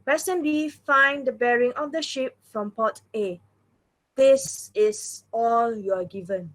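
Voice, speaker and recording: A woman's voice: a little high, slow pace. Patient woman teaching a math lesson. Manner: patient, repeats "all right" and "okay" often.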